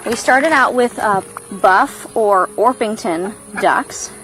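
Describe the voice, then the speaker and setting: A woman's voice: slow pace, music in the background, low-quality recording. A woman giving a casual farm tour, chatting about her animals outdoors. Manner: chatty, cooing at animals in a high baby voice. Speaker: farm vlogger.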